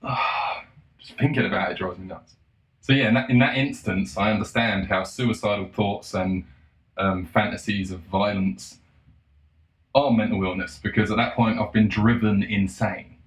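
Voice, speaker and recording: A man in a casual monologue, profane and sarcastic, breaking into mocking shouts. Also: lowish voice, steady tone, normal speed. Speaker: solo commentator. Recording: roomy echo.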